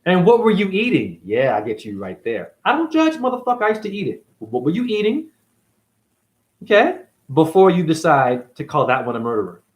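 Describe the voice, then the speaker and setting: A man's voice: a little high, very animated, brisk. A man delivering an angry, confrontational monologue as a self-styled spiritual teacher, swearing constantly. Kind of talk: profane ranting monologue.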